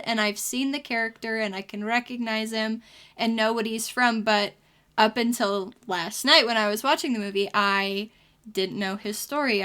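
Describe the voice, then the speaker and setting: Bright-voiced female podcast co-host. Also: on the high side. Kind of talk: casual chat.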